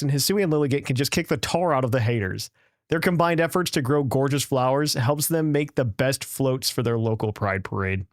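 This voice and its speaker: A man's voice: a little high, no echo, clean studio sound. A man hosting a casual podcast, reading a listener's email aloud in a playful, jokey way and tripping over words now and then.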